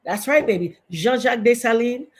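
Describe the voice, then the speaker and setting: A woman's voice: fairly high pitch, animated, normal speed. A middle-aged woman giving impassioned, emphatic live-stream commentary to her chat, repeating points for stress.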